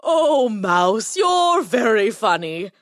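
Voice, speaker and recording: A woman doing a big, sleepy male lion from a children's storybook, drawling with lazy, lordly amusement. The voice is a warped, lowered version of her own, slow and heavy on every word. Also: sing-song, no room sound, studio quality. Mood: amused.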